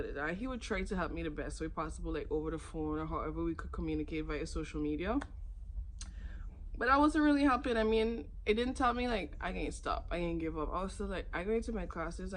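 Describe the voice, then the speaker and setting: Chatty woman telling a story. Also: slight background noise. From Saint Martin. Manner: chatty, acts out others' lines with sudden high jumps. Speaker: vlogger. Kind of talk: casual storytelling.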